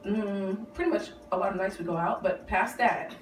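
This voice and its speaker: A woman on a reality show chatting in a casual interview, telling animated stories with lots of laughter. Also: medium pitch, moderate pace. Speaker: reality TV cast member, guest. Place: outdoors on the street. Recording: echoey, distant mic with street noise.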